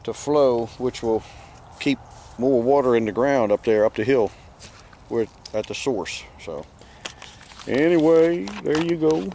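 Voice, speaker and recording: A folksy male farmer with a drawl rambles outdoors in a pasture, speaking into a handheld camera. His voice sits at an ordinary pitch, and a faint hiss of outdoor noise runs underneath. He talks in an easygoing, wry way. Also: measured pace, long pauses, mellow. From Southern Maryland, United States. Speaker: farmer vlogger. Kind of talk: casual walk-and-talk narration.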